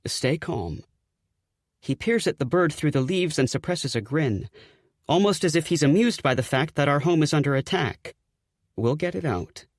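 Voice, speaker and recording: A man's voice: mid-range voice, no room sound, studio quality. A man narrating a comic first-person audiobook in a wry, sardonic storytelling voice.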